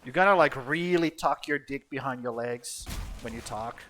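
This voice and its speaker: A man's voice: medium pitch, normal speed, fairly bright tone, faint music behind. A man chatting casually while streaming a game, rambling and swearing bluntly. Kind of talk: casual gameplay chat.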